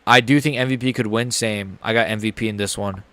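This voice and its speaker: Young dude streaming a fight reaction, swears a lot, gets hyped, dry close mic. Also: male voice, on the low side, a little fast, clean tone, no echo. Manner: excitable, profane, joking. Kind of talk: live fight reaction commentary.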